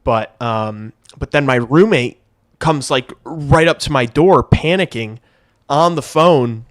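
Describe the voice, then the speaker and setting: A young man talks through a hockey game on his livestream, telling loose stories and swearing freely. His voice sits at an ordinary middle pitch. The sound is dry and close, with no room around it. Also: takes it slowly, no echo. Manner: rambling, swearing, laughing storyteller. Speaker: livestream host. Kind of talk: casual hockey watch-along chat.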